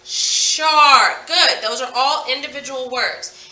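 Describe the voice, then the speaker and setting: A woman teaching a phonics lesson to children, sounding out words slowly and with emphasis. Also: sits high, lively intonation, bright, forceful tone, far from the mic. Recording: echoey room, voice from off-mic.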